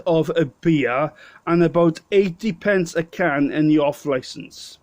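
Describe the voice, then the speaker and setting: A man's voice: a little high, a little slow, darkish tone, dry recording. A Welsh man with a stutter, telling a rambling holiday story to camera in a pub. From Wales. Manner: stuttering, rambling, self-correcting. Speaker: vlogger. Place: local pub.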